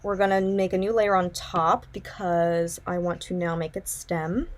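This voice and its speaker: A woman's voice: on the low side, flat delivery, measured pace. A young woman teaching digital drawing, talking casually and thinking aloud as she works. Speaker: art instructor. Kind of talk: casual drawing tutorial narration.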